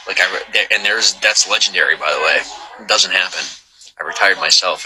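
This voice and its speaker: A man's voice: low voice, quick pace, poor audio. A man hosting a livestream, chatting casually with viewers and rambling with joking asides. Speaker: livestream host.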